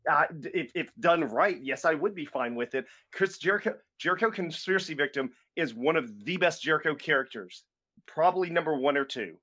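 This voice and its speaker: Rambling young man with a higher voice. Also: animated, brisk, pushed and bright. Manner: rambling, many fillers and restarts. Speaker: podcast co-host. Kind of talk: casual chat.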